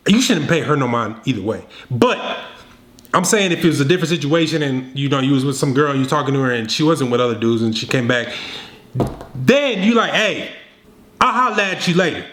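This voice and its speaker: A man making a dating advice video, talking straight to the viewer in a slangy, scolding, animated way. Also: medium pitch, fairly quick, echoey room. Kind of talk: direct-to-camera coaching.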